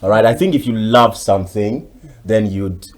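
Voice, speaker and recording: Nigerian male voiceover artist, TV guest, low-pitched, expressive and chatty. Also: normal speed. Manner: expressive, chatty, with frequent fillers. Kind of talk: TV interview talk.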